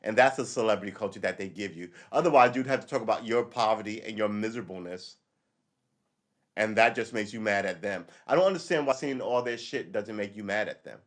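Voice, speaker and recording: A livestream host with a lowish voice talks briskly, delivering a casual, rambling monologue in a blunt, profane way.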